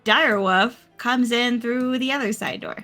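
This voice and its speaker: A woman as dungeon master, narrating a tabletop game in an unhurried, playful way with frequent laughter. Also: a little high, sharp tone, faint music behind.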